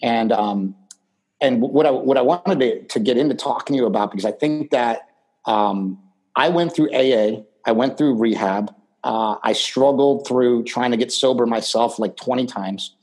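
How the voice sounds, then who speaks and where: A middle-aged man with a husky, breathy voice talks as a podcast guest. He tells his story casually, circling back with fillers and restarts. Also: medium pitch, moderate pace, darkish tone, low-quality recording. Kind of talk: casual conversation.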